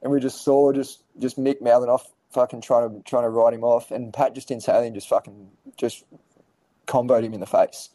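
A man's voice: mid-range voice, little pitch movement, brisk, mellow, no room sound, rough recording. A man telling rambling stories in a casual podcast chat, swearing freely and restarting his sentences often. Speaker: podcast guest.

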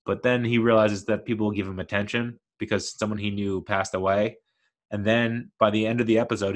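A man's voice: fairly low pitch, a bit bright. A man talking casually as a video host, rambling and correcting himself, with frequent chuckles. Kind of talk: casual commentary.

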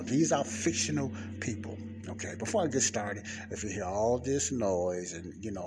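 A man giving a rambling, informal Bible teaching, talking low and close to the mic in a library study room. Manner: rambling, repeats words, talks low. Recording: faint traffic and room noise.

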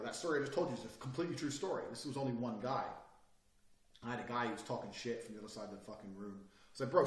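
A man giving a blunt, profane talk on body language, swinging from loud outbursts to quiet, calm speech. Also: medium pitch. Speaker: self-improvement speaker. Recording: echoey room, distant mic.

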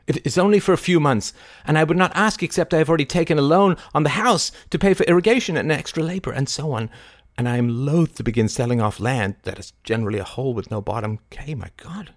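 A man voicing an agitated young gentleman who talks in an anguished, stammering, reproachful way. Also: a little high, dry recording, clean studio sound.

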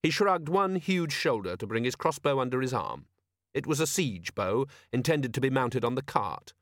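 A man narrating an audiobook in a measured, wry way. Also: mid-range voice, animated, a bit bright, dry recording, studio quality. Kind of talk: scripted narration.

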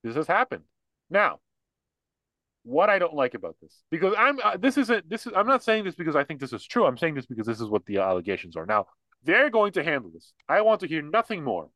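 A man's voice: on the high side, wildly swooping pitch, fairly quick, a bit bright, dry recording. A young man co-hosting a podcast, talking bluntly in casual political chat, full of restarts and fillers. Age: young adult. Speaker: podcast co-host.

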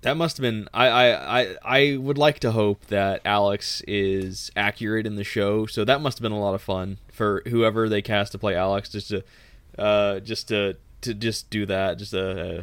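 A man's voice: on the low side, a little slow, fairly bright tone, clear, resonant tone, no room sound. A man from Texas co-hosting a podcast, summarizing a book casually, easygoing, with stammering restarts. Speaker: podcast co-host.

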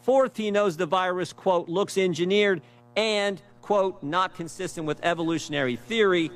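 A man's voice: sits high, normal speed. A man giving an emphatic speech, reading emails aloud and repeating key phrases for stress. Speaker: speaker presenting documents.

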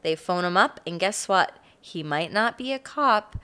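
Smooth low-voiced woman recounting a case. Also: lively intonation, measured pace, pushed and bright. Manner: laid-back storytelling, frequent "like". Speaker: podcast co-host telling the case. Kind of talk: casual true-crime chat.

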